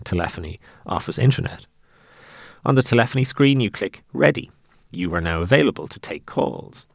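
A man reading his own essay aloud in a wry, deadpan way. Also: low voice, dry recording, studio quality.

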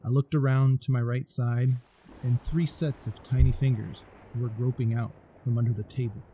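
A man narrating a scary story in a deliberate, storytelling manner. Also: mid-range voice, fairly even intonation, mellow, a little hiss or hum, poor audio.

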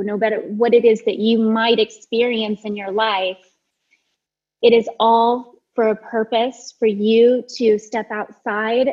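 A woman's voice: a little high, breathy edge, dull audio. A woman teacher giving an earnest motivational talk on a call, telling a personal story with many restarts.

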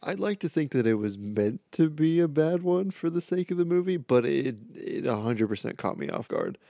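A man's voice: fairly high pitch, big pitch swings, moderate pace, gravelly, dark tone, no echo, clean studio sound. A man casually chatting about a movie on a podcast, laid-back and wry. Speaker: podcast co-host. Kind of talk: casual movie review chat.

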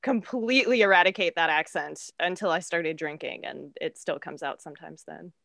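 A woman's voice: fairly low pitch, normal speed, gravelly, a bit bright, no echo, clean studio sound. A woman from the American South chatting casually in a wry, self-deprecating way. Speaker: podcast guest. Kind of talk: casual chat.

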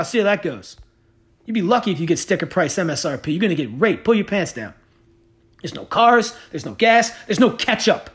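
A man's voice: high voice, fairly bright tone. A man hosting a podcast, delivering a heated, profane and sarcastic monologue. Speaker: podcast host.

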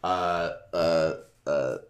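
Deep-voiced man rambling through a recap. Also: drawn-out words, roomy sound. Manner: loose and rambling, full of "like" and "uh", reading passages aloud; swears casually and laughs at his own retelling. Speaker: podcast co-host recapping a book. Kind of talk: casual chat, retelling a story.

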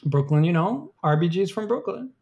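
A man hosting a casual conversation, relaxed and quick to laugh, with lots of "like.". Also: high voice, muffled recording. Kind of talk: casual chat.

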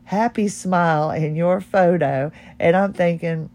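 A woman's voice: fairly low pitch, unhurried, darkish tone. A middle-aged woman hosting her own podcast, talking in a heartfelt, rambling and candid way. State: tearful. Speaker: podcast host. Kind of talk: personal podcast monologue.

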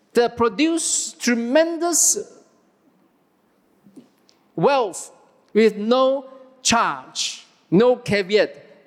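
Guy preaching, asks then answers his own questions, highish voice, echoey church hall. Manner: animated, asks the audience questions and answers them. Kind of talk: sermon.

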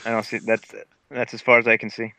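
Bright playful male tabletop player. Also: mid-range voice, monotone, fairly quick, a little hiss or hum, rough recording. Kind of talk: tabletop game play.

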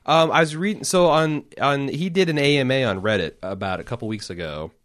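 A man's voice: mid-range voice, a little fast, fairly bright tone. Chatty, opinionated man on a podcast. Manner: chatty, opinionated, trails off and restarts. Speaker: podcast co-host. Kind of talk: casual chat.

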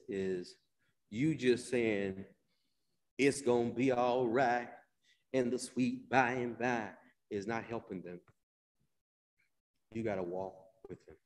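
Male preacher mid-sermon; soft drawn-out lines that flare into loud emphatic bursts, names people in the pews, long hall reverb. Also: fairly low pitch. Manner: drawn-out, repeated phrases, addresses listeners by name.

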